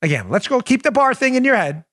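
A man hosting a political talk show, delivering an emphatic, animated monologue full of rhetorical questions. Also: extremely high pitch, fast, no echo, clean studio sound.

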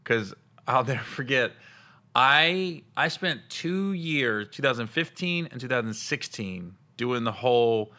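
A man's voice: mid-range voice, unhurried. A man hosting a podcast, telling stories in a loose, laughing way and acting out quotes. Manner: laughing, animated retelling with quoted voices. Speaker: podcast host and comedian. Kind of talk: casual podcast chat.

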